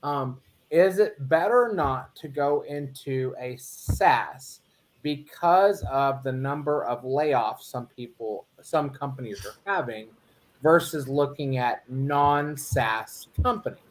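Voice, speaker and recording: A man's voice: medium pitch, slow pace, slight background noise. Man, co-host, rambles and acts out quotes in casual talk. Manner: rambling, storytelling with acted quotes. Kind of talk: casual chat.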